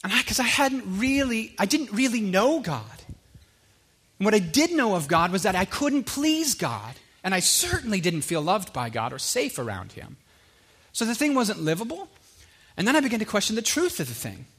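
Earnest high-voiced man telling his story. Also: normal speed, breathy edge. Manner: earnest, animated, drops low and quiet for emphasis. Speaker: speaker sharing his faith story. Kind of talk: personal testimony talk.

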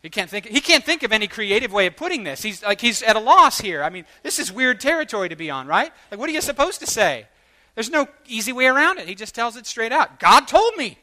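A man preaching, telling a story with lively acted-out quotes that swell into loud bursts. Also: sits high, quick pace. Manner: animated, acts out quoted voices, rising to loud bursts. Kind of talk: sermon storytelling.

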